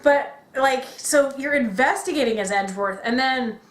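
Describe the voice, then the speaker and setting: A woman chatting casually as a podcast co-host, acting out quotes with big jumps in pitch. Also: moderate pace. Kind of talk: casual chat about video games. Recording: echoey room.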